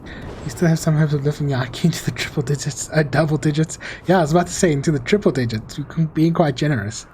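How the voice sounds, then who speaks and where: A man's voice: on the high side, fast talker, a little mellow, a little hiss or hum. A young man casually commenting on a game he plays and chatting with viewers, easygoing and self-mocking. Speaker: gaming streamer. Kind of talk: casual Let's Play commentary reading chat. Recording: faint music behind voice.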